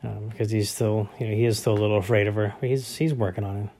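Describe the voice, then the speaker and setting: A man's voice: fairly low pitch, fairly even intonation, quick pace, warm tone. A man in his thirties, a father, talking casually about his family in a rambling way with many fillers and restarts. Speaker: father of young boys. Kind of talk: casual family vlog talk.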